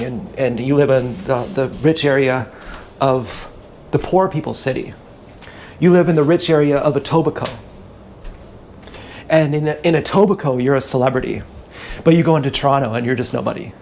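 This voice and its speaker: A man's voice: mid-range voice, a little fast, a little mellow, a little hiss or hum. A man streaming live, talking in a rambling comic monologue full of restarts and asides. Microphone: action camera.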